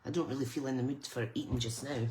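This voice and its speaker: A woman's voice: extremely low pitch, fairly even intonation, quick pace, darkish tone, a little hiss or hum. A Scottish woman hosting a live crafting stream, chatting casually and greeting viewers by name as she works. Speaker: crafting channel host.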